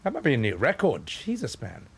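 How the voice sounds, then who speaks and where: A man in his thirties, out of breath, chatting casually on his stream and shouting out thanks to his viewers. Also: mid-range voice, wildly swooping pitch, a little fast, creaky, slightly rough. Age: 30s. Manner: breathless, thanking chat with loud shout-outs.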